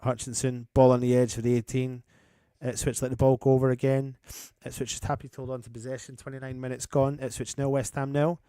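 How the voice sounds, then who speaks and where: A man's voice: mid-range voice, flat delivery, fairly quick, few pauses, warm tone, clear, resonant tone, no room sound. Guy doing a match watchalong, calls the play then chats to viewers, dry mic, no room sound. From England. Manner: chatty and matey, breaks off commentary to greet viewers. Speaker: fan channel host doing a live match watchalong. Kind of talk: live match commentary mixed with reading out viewer comments.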